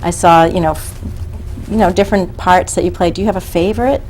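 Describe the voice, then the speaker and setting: A woman's voice: fairly low pitch, a little fast, darkish tone, slight background noise, poor audio. A woman interviewing an actress, asking questions with stumbling restarts. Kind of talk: casual interview.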